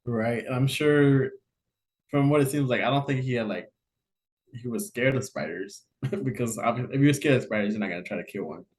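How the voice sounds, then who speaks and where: A man's voice: medium pitch, a little fast, darkish tone. A man co-hosting a podcast in casual chat, easygoing and chuckling often, calling his partner "bro". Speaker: podcast co-host.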